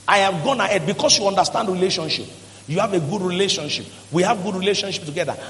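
A man's voice: high voice, big pitch swings, fast. A male pastor, preaching emphatically and acting out quoted voices in a church hall. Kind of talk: sermon.

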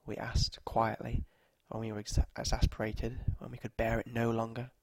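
A man reads short stories aloud in a mid-range voice, measured and steady. The recording is close and dry, with no room echo. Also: medium pitch, vocal fry. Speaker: narrator.

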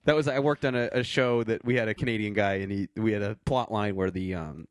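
Homem animado num podcast descontraído. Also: male voice, on the low side, a little fast, no echo, clean studio sound. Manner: laughs often, playful accent impressions. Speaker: podcast co-host. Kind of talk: casual chat.

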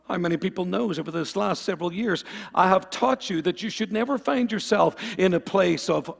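A man with a high, creaky voice preaches a fervent sermon at normal speed, calling the congregation for amens and swinging between loud and quiet passages. A long reverb tail follows his words.

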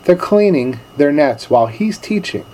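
A male pastor giving a sermon in a relaxed, storytelling manner with casual slang. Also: on the high side, moderate pace.

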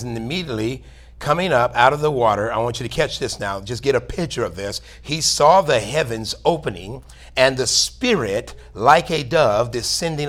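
Reading scripture aloud and asking for amens, a male pastor preaches in church. His mid-range voice carries a fairly bright tone.

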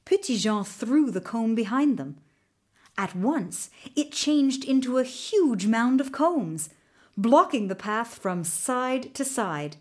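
A woman narrating a children's storybook in an expressive, animated way. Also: on the high side, takes it slowly. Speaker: audiobook narrator.

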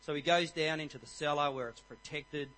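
A man in his forties giving a jokey, energetic church talk on marriage and rallying the congregation. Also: fairly high pitch, fairly quick, rough recording. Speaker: guest speaker at church.

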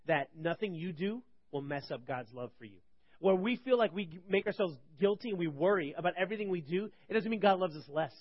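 Young male Bible teacher, talky and rhetorical, slightly high voice, dull dry audio. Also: no echo. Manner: conversational, rhetorical questions, swings between loud and quiet. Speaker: preacher.

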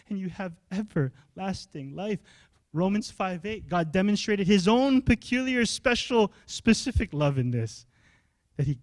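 A young adult male pastor, preaching a sermon in an animated, conversational way and asking the congregation questions. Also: sits high, no echo, studio quality.

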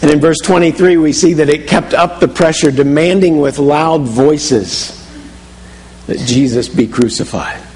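A man's voice: fairly high pitch, unhurried, darkish tone. Preaching man in a reverberant hall. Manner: vivid second-person storytelling, frequent restarts. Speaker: pastor. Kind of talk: sermon.

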